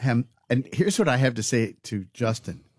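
A man's voice: mid-range voice, expressive, normal speed, a little mellow, slightly rough, dry recording. A man co-hosting a radio talk show, chiming in with laid-back, dry asides. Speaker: radio co-host.

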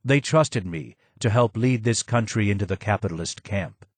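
Guy putting on a low hoarse broken old man, slow and sad, dry close sound. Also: no room sound, natural voice. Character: broken disfigured older male ex-advisor, hoarse and sad.

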